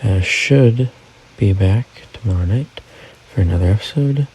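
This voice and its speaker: A man's voice: on the low side, measured pace, darkish tone, slight background noise, rough recording. A man hosting a casual news recap, talking through events and reading quotes aloud. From United States. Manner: conversational, reads quotes aloud.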